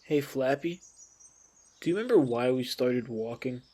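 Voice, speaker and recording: A man's voice: mid-range voice, expressive, normal speed, mellow, natural voice. A man voicing a young wandering swordsman in a cartoon, earnestly talking to his pet bird. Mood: wistful. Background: music.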